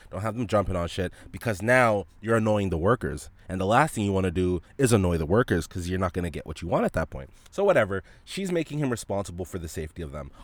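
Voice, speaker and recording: A male podcast host telling a story as a profane, animated rant, coughing now and then from a dry throat. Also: lowish voice, no echo. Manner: profane, animated, frequent restarts.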